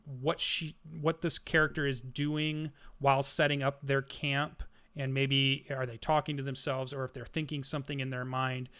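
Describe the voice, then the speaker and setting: A man narrating a tabletop game as game master, setting scenes in a relaxed, halting way with fillers. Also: on the high side.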